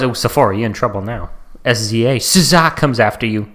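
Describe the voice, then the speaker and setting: A man's voice: mid-range voice, fairly quick, fairly bright tone. A young man co-hosting a casual podcast, sarcastically reading tweets aloud and joking with his co-host. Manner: sarcastic, reads tweets aloud in mocking tones.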